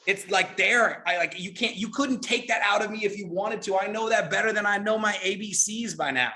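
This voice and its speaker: A middle-aged man giving a motivational network marketing training, energetic and repetitive, often checking in with "right?". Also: high-pitched, brisk, hardly any pauses.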